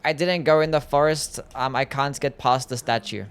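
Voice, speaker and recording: A man's voice: mid-range voice, fairly even intonation, normal speed, smooth. A man casually streaming a game live, chatting and answering his viewers in a laid-back way.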